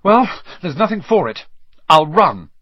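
A man's voice: high voice, sing-song, unhurried, fairly bright tone, no echo, voice pushed up, heavily acted. A man voicing a brave schoolboy wizard who talks plainly and steadily. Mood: steady. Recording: slightly dull lo-fi recording.

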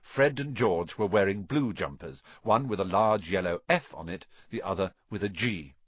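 Husky male audiobook reader, lively intonation, dry, dull recording. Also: low-pitched, moderate pace, dry recording. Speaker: audiobook narrator. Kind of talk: scripted narration. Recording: dry, slightly dull lo-fi sound.

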